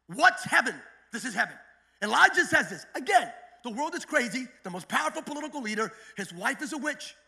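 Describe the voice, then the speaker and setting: A man preaching a sermon in a church, swinging from quiet storytelling to shouted, fired-up climaxes. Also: high voice, gravelly. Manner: preaching with sudden shouted climaxes and acted-out quotes. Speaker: pastor.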